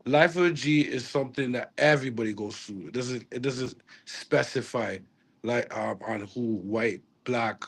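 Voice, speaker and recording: A man's voice: medium pitch, moderate pace, husky. A man, a reggae artist talking casually in an interview, rambling with restarts and slang.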